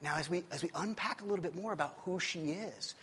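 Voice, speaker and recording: A man's voice: high-pitched, quick pace, in a large hall, slight background noise. A male preacher giving a sermon in a conversational style, often checking in with listeners. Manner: animated, conversational, keeps asking "okay?".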